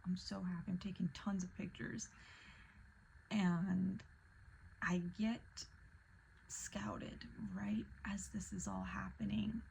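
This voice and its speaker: A young woman telling a personal story in casual vlog style, animated and full of fillers, often dropping into breathy whispers. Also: mid-range voice, slow, long pauses, slight background noise, poor audio. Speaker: vlogger.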